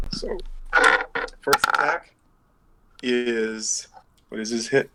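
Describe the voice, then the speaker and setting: A man's voice: medium pitch, slow pace, long pauses, noisy background. A man running a tabletop game as game master over an online call, rambling and thinking aloud as he works out dice math.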